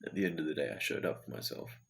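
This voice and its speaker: A man with a deep, low voice records a late-night video diary. He sounds tired and talks in an earnest, searching way, thinking aloud to himself. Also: very fast, creaky. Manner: earnest, introspective self-talk. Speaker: vlogger.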